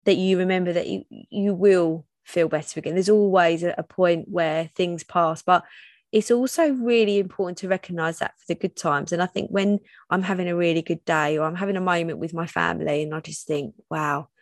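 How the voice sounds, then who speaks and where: A woman's voice: fairly low pitch, fairly even intonation, brisk, no room sound, studio quality. A woman in her thirties hosting her own podcast, talking openly and personally with frequent restarts. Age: 30s. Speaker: podcast host. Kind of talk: solo podcast monologue.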